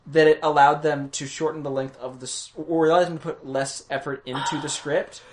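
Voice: medium pitch, steady tone, brisk, slight background noise. A co-host in a casual cartoon review chat who picks apart the show in an analytical, wordy way. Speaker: podcast co-host.

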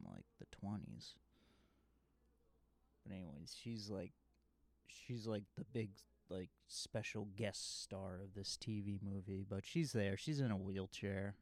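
A man's voice: fairly low pitch, animated, a little slow, darkish tone. A man recapping a movie in a casual, rambling, jokey way with lots of fillers. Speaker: movie reviewer.

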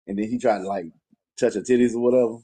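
A man with a Southern US accent, co-hosting a podcast, telling crude stories in a low-key, mumbled way. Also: fairly even intonation, fast talker, dark tone, slightly rough. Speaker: podcast co-host. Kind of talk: casual storytelling chat.

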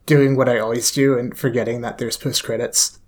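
A man's voice: medium pitch, flat delivery, fairly quick. A man co-hosting a podcast in casual chat, laid-back and hesitant, with many ums and uhs. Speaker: podcast co-host.

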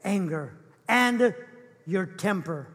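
A man's voice: high-pitched, lively intonation, takes it slowly, fairly bright tone. A man preaching a sermon as pastor in an earnest, emphatic, repetitive way. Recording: echoey church hall.

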